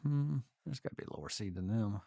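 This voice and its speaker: A man's voice: lowish voice, lively intonation, fast, creaky, mellow, no room sound. A man co-hosting a sports talk show, chatting casually and easygoing as he laughs along.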